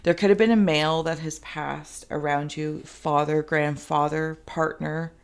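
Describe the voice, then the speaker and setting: A woman's voice: low-pitched, fairly even intonation, a little slow, smooth. A woman giving a spoken tarot and spirit reading to camera, rambling and thinking aloud with many fillers and restarts. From Canada. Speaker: tarot reader and psychic.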